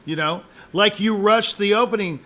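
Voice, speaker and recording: A man's voice: sits high, normal speed, bright, forceful tone. A man giving a musician live spoken feedback as an audition judge, emphatic and jokey, repeating his points.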